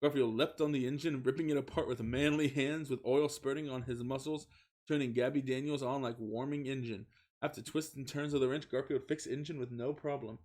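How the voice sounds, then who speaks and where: A man's voice: mid-range voice, fairly even intonation, a little fast, darkish tone. A young man streaming a comic reading of fan fiction, giggling, stumbling over words and swearing in asides.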